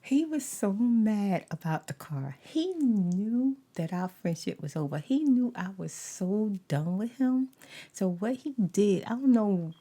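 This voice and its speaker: A middle-aged woman telling a story in soft-spoken ASMR style, animated, slipping into whispered asides. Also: mid-range voice, takes it slowly. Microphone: desk USB microphone.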